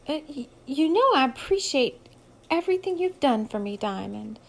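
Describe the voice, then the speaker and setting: A woman's voice: sits high, animated, quick pace, darkish tone, pitched above the performer's own voice. A woman voicing a nervous young Latina heroine. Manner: hesitant, stammering.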